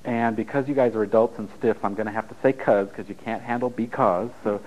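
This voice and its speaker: Quick and fairly even in intonation, this middle-aged man's mid-range voice is a little mellow, heard through a muffled recording. As a spiritual teacher giving an informal talk to a live audience, he rambles, jokes, and often laughs at his own lines.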